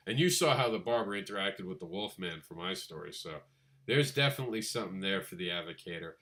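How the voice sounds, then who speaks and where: Animated man co-hosting a comics chat. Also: fast talker. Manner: animated, laughs, mimics others in a high voice. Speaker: podcast co-host. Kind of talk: casual chat about crowdfunding comics.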